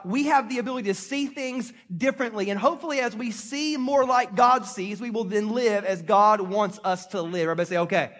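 High-voiced storytelling man preaching. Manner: conversational storytelling preacher, animated call-and-response. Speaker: pastor. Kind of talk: sermon.

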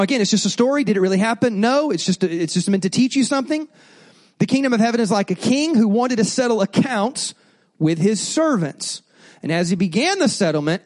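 A man preaching a sermon, telling a parable with animated asides and calls for the congregation to repeat words. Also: sits high. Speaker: pastor.

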